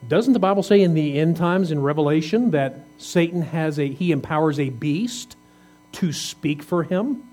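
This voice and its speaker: A man's voice: fairly high pitch, darkish tone, slightly rough. A man preaching a conversational sermon, asking his congregation questions as he reads scripture. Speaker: pastor.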